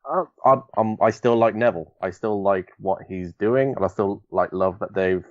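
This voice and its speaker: A man with a low voice, talking casually and hesitantly, often restarting his words. His mic sounds dull and very dry. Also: normal speed, dry recording. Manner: hesitant, repeats words, laughs easily. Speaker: podcast co-host. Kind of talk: casual podcast chat.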